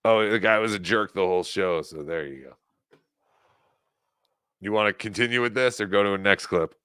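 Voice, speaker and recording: A man's voice: on the low side, normal speed, pushed and bright, clean tone, dry recording, studio quality. A man hosting a casual live show, talking over clips in a mocking, joking way. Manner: mocking, puts on silly voices for laughs. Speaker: host.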